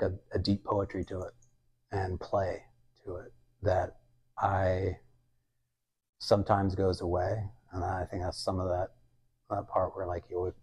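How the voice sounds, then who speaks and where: Speaking low, with a darkish, breathy-edged tone, a young adult artist converses casually in a museum gallery. He meanders along, using lots of fillers and quoting things in asides.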